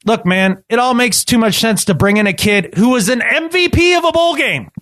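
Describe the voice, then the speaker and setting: A man co-hosting a casual sports podcast, talking emphatically and repeating himself when excited. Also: very high-pitched, normal speed, no room sound, studio quality. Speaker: podcast co-host.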